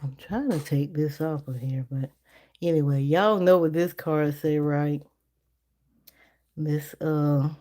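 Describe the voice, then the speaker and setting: A woman reading tarot on a casual live stream, chatty and laughing often as she talks to her viewers. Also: dark tone. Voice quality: naturally deep voice. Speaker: livestream tarot reader.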